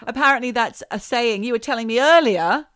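A middle-aged woman co-hosting a podcast, teasing and quick with jokes. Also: fairly high pitch, lively intonation, fairly bright tone, clean tone, no echo, studio quality. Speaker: podcast co-host. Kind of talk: casual chat.

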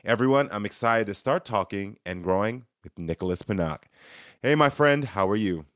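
A man's voice: on the low side, lively intonation, normal speed, fairly bright tone, no room sound, studio quality. A man hosting an interview podcast in an upbeat, enthusiastic, chatty way. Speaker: podcast host.

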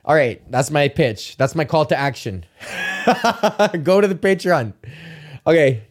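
A young Canadian man hosts his own solo podcast, rambling casually, swearing a lot and laughing often. His voice is a little high with lively intonation and a measured pace. It's recorded on a podcast mic while a camera also records.

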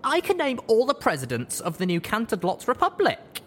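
A tiny pony colt, eager to show off, with a bright, high, childlike voice, as a male narrator puts him on. The lines are squeezed up well above the reader's own register in a storybook manner. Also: wildly swooping pitch, normal speed, a little hiss or hum, full character voice. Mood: boastful. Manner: eager, boasting. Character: boastful little colt, eager young pony.

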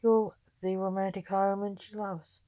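A woman voicing a blunt, suspicious male highwayman in a story reading. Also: flat delivery, moderate pace, mellow, close to an everyday voice.

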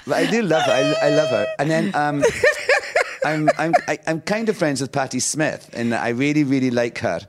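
A man's voice: a little high, moderate pace, a little hiss or hum. A Scottish man in his fifties, a talk show guest chatting casually and acting out the voices in his stories with frequent laughter. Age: 50s. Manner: lively storyteller who acts out quotes, laughing often. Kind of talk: casual anecdotal chat.

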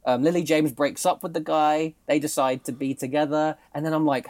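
A man's voice: a little high, normal speed, few pauses. A young man, co-host of a casual podcast, animatedly recounting a film plot with laughs and swearing. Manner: animated, laughing, swearing, acts out quoted lines.

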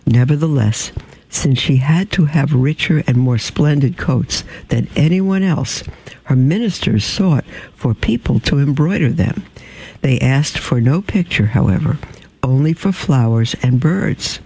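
A man reading a storybook aloud in a measured, unhurried way, with small slips and some throat clearing. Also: medium pitch, lively intonation, a little mellow, poor audio.

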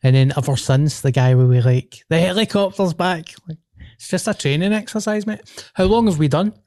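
A man's voice: on the high side, steady tone, fairly quick, warm tone, no echo, clean studio sound. A man with a Glaswegian Scottish accent hosting a podcast, chatting casually in sweary, laughing banter. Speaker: podcast host. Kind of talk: casual chat.

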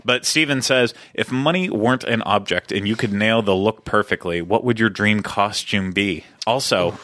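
Man, podcast host, low voice, dry close sound, rambling casual chat. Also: moderate pace, fairly bright tone, dry recording. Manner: rambling, chuckles often.

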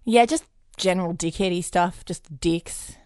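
A woman co-hosting a podcast, answering the story with quick quips and reactions. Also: fairly low pitch, darkish tone, no room sound, studio quality. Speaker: podcast co-host. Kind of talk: casual chat.

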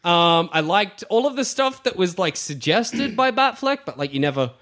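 A man in casual podcast chat reviewing a film, animated and mocking, often acting out quotes in silly voices. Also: sits high, moderate pace. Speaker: podcast co-host.

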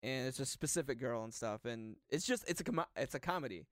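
A man hosting a casual podcast movie quiz, talking in an animated way and laughing often. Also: mid-range voice, dry recording, studio quality. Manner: laughing, animated, quick asides. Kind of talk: casual chat.

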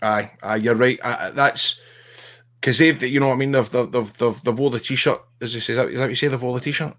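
A man's voice: medium pitch, steady tone, a little fast, fairly bright tone. A man with a Scottish accent, a podcast guest chatting casually, rambling and repeating his words with enthusiasm. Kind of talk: casual chat.

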